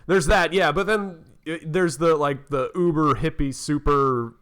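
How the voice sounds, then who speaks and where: A man's voice: fairly high pitch, a little slow, fairly bright tone, smooth. A man co-hosting a podcast in casual chat, musing in a laid-back way and slipping into playful little impressions. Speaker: podcast co-host.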